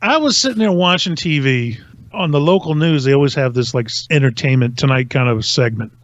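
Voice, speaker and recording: A man hosting a podcast, telling a casual story in an animated way with lots of laughter. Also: mid-range voice, brisk, no room sound, dull audio. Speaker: podcast host.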